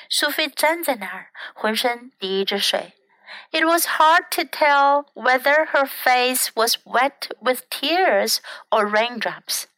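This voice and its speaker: A woman's voice: high-pitched, no room sound, rough recording. A young adult woman, a native Chinese speaker, hosting a children's English radio show and reading a picture book aloud in English and Chinese. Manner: slow, warm storybook reading, switching between English and Chinese lines. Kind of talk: bilingual children's story reading.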